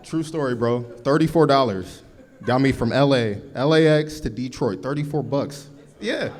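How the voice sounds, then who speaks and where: A man's voice: mid-range voice, lively intonation, normal speed, darkish tone. A man from Los Angeles doing a stand-up comedy set before a live audience, with a laid-back, punchy delivery and slangy asides.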